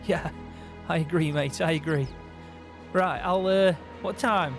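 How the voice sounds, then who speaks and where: Here a young man chats in a game roleplay, his voice sitting high for a man. He sounds friendly and cheery, with soft music playing behind him. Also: measured pace. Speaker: roleplay player. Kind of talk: casual in-character roleplay chat.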